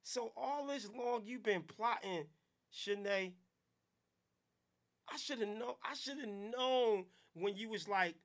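High, gravelly-voiced man ranting. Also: takes it slowly. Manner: animated, loud bursts of hype and chanting. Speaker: podcast host. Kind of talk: comic live-stream rant.

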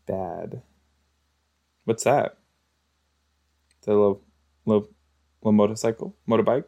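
A man's voice: lowish voice, unhurried, creaky, dark tone. Chatty man reacting to a show. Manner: chatty, exclamatory, talks back to the screen. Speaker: reaction video host. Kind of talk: casual reaction commentary.

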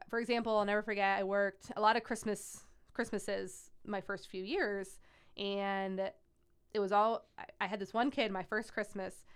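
A young woman working as a pediatric nurse, telling stories in an animated interview with many "like" fillers. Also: medium pitch, clear, resonant tone. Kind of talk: conversational interview storytelling.

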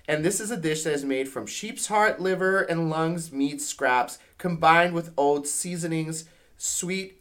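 A man co-hosting a podcast, reading a review aloud in casual chat and apologizing for his pronunciations. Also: a little high. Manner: animated, apologetic about pronunciations. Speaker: podcast co-host.

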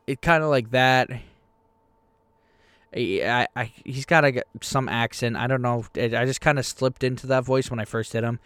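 Excitable young man hosting his game podcast. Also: mid-range voice, moderate pace, clean tone, no room sound. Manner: rambling, excitable, self-deprecating. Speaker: podcast host and game master. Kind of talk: casual podcast chat.

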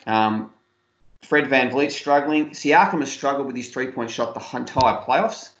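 A man co-hosting a casual sports chat, relaxed and unhurried, with frequent hesitations and dry humour. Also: medium pitch. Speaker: podcast co-host. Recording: roomy, muffled lo-fi audio.

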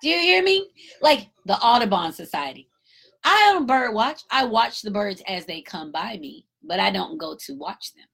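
Husky, gravelly-voiced woman, emphatic. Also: mid-range voice, normal speed. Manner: emphatic, animated storytelling with acted-out quotes. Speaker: parent. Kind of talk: casual commentary monologue.

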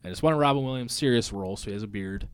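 A man's voice: medium pitch, lively intonation, quick pace, smooth, no room sound. A man co-hosting a casual podcast, talking bluntly and swearing freely. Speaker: podcast co-host. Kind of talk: casual chat.

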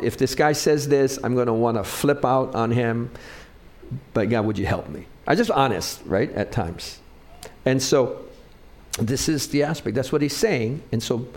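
A pastor preaching to his congregation in a relaxed, conversational way. His voice is mid-pitched for a man, and he keeps tossing questions to the listeners, then lifting his pitch to hit the words he wants them to remember. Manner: conversational preaching with frequent call-and-response questions; pitch rises and falls for emphasis on key phrases. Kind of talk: sermon.

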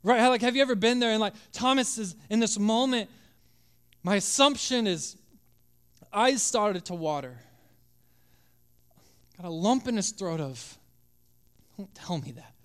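A male pastor preaching a sermon with passion, acting out voices and dropping to a hush at times. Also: high voice, lively intonation, a little slow, long pauses, smooth. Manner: impassioned, acts out biblical voices, drops to hushed tones.

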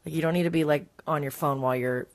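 A woman's voice: sits low, steady tone, fast talker. A young woman in her twenties co-hosting a podcast, chatting in an easygoing, agreeable way. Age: 20s. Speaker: podcast co-host. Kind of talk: casual chat.

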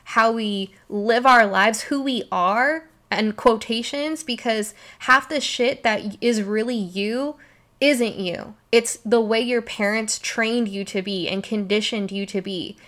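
A woman's voice: fairly high pitch, fairly bright tone. A young woman hosting a solo podcast, talking in an emphatic, emotional way and swearing freely. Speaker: podcast host. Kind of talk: passionate solo podcast talk.

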